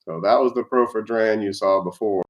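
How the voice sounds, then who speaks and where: A man running a tabletop game as game master, narrating scenes and pausing to look things up. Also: lowish voice, muffled recording.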